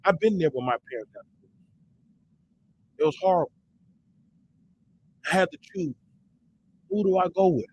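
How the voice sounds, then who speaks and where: A man hosting a heated, profane commentary rant who repeats himself for emphasis and breaks into shouts when worked up. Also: high-pitched, animated, normal speed, long pauses, rough recording. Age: adult parent. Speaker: host.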